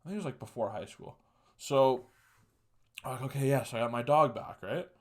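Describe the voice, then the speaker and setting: A man's voice: medium pitch, brisk. A young man hosting a podcast, telling a personal story in a casual, profane way, laughing often and quoting others. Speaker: podcast host.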